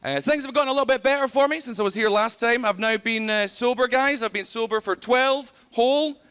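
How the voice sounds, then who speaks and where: A man with a Scottish accent from Scotland doing an animated stand-up set, telling stories with punchy asides to the crowd. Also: very high voice, fairly quick, clear, resonant tone. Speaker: stand-up comedian. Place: large TV studio stage before a live audience. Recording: loud audience laughter, noisy stage.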